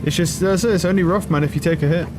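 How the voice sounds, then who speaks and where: A young man streaming a game, talking loudly and excitably with lots of swearing to his chat and a friend. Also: high voice, fast, noisy background. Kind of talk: casual live-stream commentary. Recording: game music loud behind voice. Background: game music.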